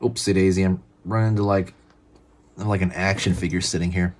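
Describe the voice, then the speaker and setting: A man's voice: sits low, brisk. A man hosting a drawing tutorial, talking casually and calling out each stroke as he draws. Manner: relaxed, chatty, narrates each pen stroke. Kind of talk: casual step-by-step drawing instruction.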